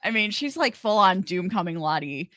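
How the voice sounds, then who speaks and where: A woman co-hosting a casual podcast, laughing often and speaking in halting bursts with restarts. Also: on the low side, lively intonation, a bit bright. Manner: giggly, halting, many restarts. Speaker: podcast co-host.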